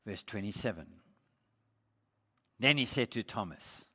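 A man's voice: high-pitched, expressive, unhurried. Preacher man in a reverberant hall. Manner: emphatic, swells louder on quoted words. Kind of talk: sermon.

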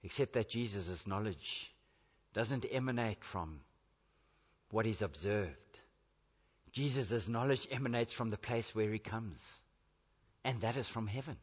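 A man preaching a sermon, emphatic and repetitive, building to forceful declarations. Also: on the low side, unhurried, pauses often, slightly rough. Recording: echoey hall, dull lo-fi.

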